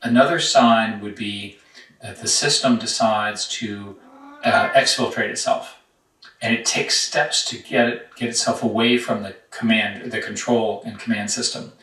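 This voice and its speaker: Low-voiced man, distant and roomy. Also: steady tone. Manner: measured, halting, voice sinking quieter as he goes. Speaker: interview guest. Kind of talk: interview answer. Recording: roomy, distant mic, faint hiss.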